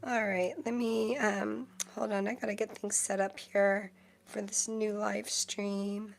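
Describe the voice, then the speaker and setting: A woman's voice: medium pitch, little pitch movement, a little slow, creaky. A woman live-streaming tarot readings, chatting casually with viewers and using lots of fillers as she reads the cards. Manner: chatty, many fillers, thanks viewers often.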